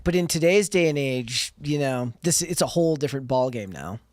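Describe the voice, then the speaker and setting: A man's voice: medium pitch, brisk, no echo, clean studio sound. A man on a political panel, talking animatedly and acting out quoted people. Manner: animated, acts out quoted voices.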